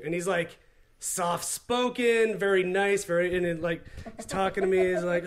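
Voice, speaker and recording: A man telling a story as a podcast guest, animated and laughing often. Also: high voice, normal speed, slight background noise. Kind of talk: casual podcast chat. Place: busy convention floor. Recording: loud crowd chatter behind.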